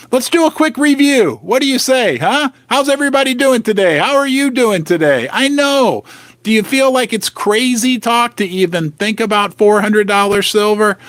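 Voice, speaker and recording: A man with a high voice delivers an emphatic, casual monologue straight to his viewers. He fires off rhetorical questions and jokey asides. The sound is dry and close, with no room around it. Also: a bit bright, no room sound. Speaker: host of a precious metals channel. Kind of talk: animated casual monologue to camera.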